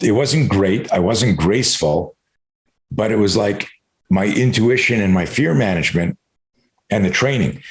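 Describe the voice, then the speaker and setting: A middle-aged man, a self-defense expert, telling a candid personal story as a podcast guest, swearing freely and acting out his own inner dialogue. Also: fairly low pitch. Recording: echoey room.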